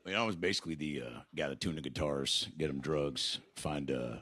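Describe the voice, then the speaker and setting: A man in his fifties tells stand-up jokes on a comedy club stage, and his voice sits extremely low. He talks in a deadpan, halting way, stopping often on fillers as he works through each story. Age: 50s. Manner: slow, halting delivery with many "uh"s. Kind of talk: deadpan stand-up set and interview.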